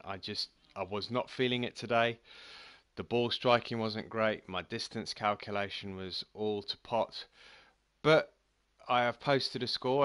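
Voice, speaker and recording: A man's voice: fairly low pitch, a bit bright, dry recording. A man giving casual, self-critical commentary on his own golf video game round and signing off to viewers. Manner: frank, self-critical, chatty sign-off. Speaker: gaming channel host.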